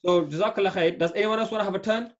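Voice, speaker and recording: A man's voice: sits high, fairly even intonation, very fast. A man teaching an Arabic grammar class, patient and often checking understanding. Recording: dull lo-fi audio.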